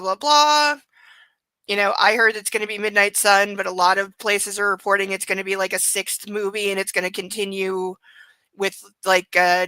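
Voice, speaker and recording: A woman's voice: medium pitch, bright, forceful tone, no room sound, poor audio. A woman hosting a book club podcast, reading aloud and giving sarcastic, rambling commentary. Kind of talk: casual chat and reading aloud.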